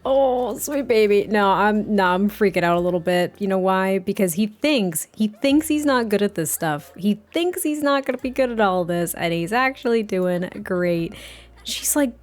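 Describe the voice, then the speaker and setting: A woman's voice: mid-range voice, normal speed. A woman hosting a let's play, chatting and giggling as she narrates a life-sim game story. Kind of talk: casual game commentary and storytelling.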